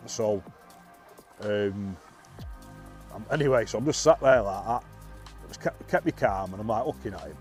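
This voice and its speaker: A man's voice: fairly low pitch, lively intonation, moderate pace, long pauses, darkish tone, faint music behind. A man, a bus driver, telling a story casually, laughing often and restarting his sentences in a self-deprecating way.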